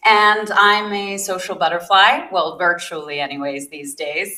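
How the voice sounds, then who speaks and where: Bright, upbeat woman from South Africa. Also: fairly low pitch, fairly even intonation, measured pace, hardly any pauses, roomy sound, rough recording. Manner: upbeat, laughs often, restarts phrases. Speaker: guest, magazine founder. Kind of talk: casual interview chat.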